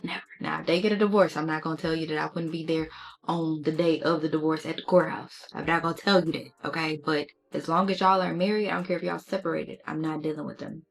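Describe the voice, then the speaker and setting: A woman's voice: low voice, fairly even intonation, quick pace, vocal fry. A young adult woman chatting candidly and sassily to her viewers in a casual storytime vlog. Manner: candid, sassy, talks straight to viewers. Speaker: beauty vlogger.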